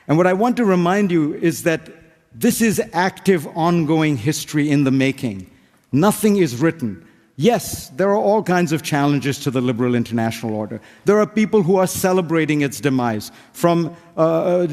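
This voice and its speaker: A man's voice: on the high side, darkish tone. A man from India, speaking earnestly and persuasively in a formal debate. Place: large hall before an audience. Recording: reverberant debate hall.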